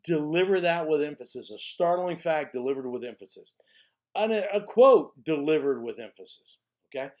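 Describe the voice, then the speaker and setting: A man's voice: high voice, darkish tone. A man teaching a college speech class in a recorded lecture, talking casually and stressing key words by repeating them, often checking in with "okay?". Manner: conversational, frequent "okay?" check-ins.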